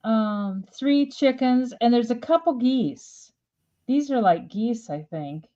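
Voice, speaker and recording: A woman's voice: fairly high pitch, lively intonation, slow, mellow, highs cut off. Chatty giggly woman selling live. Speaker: live sale host. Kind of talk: casual live-stream selling.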